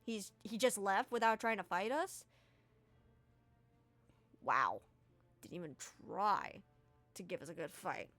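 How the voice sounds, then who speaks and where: A woman's voice: mid-range voice, sing-song, slow pace, pauses often, a bit bright, dry recording, soft background music. A woman voicing a brash woman fighter who mocks a fleeing enemy in a dismissive tone. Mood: scornful. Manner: mocking, dismissive.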